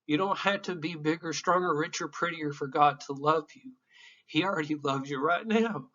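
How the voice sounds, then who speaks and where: A man's voice: a little high, normal speed, bright, forceful tone, dull audio. A man in his fifties teaching psychology in an informal, candid and emotional classroom lecture, with some profanity. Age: 50s.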